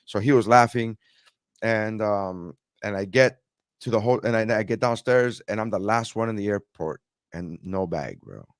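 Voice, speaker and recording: A man's voice: fairly low pitch, normal speed, smooth, no room sound, studio quality. A man co-hosting a podcast, telling a long, rambling travel story with many restarts. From immigrant to America. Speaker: podcast co-host. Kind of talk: casual storytelling chat.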